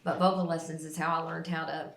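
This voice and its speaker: A woman's voice: low voice, level tone, fast, vocal fry, fairly bright tone, roomy sound. A woman co-hosting a podcast, chatting in a rambling, self-deprecating way. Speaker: podcast co-host. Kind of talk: casual chat.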